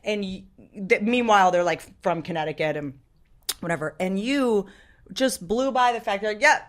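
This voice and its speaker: A woman chats on a podcast in a mid-range voice. She tells stories in an animated way and mimics the people she is mocking. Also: mid-range voice, moderate pace. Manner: animated storytelling, mocking impressions. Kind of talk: podcast conversation.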